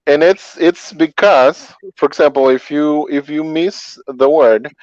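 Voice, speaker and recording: A man's voice: on the high side, unhurried, darkish tone, dry recording. A man who speaks Spanish as his first language, a call center interpreter talking through his answers in a casual interview, explaining with examples. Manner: chatty, explains with examples, filler-heavy. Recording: dull, dry muffled audio.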